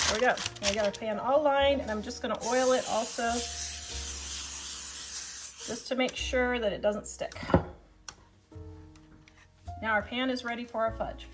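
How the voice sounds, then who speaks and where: Home-cook host: a woman from Kansas with a Kansas accent, slightly high voice, chatty, faint music underneath. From Kansas, USA. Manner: chatty, joking, laughs often. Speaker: cooking show host. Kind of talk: casual cooking demonstration. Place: home kitchen.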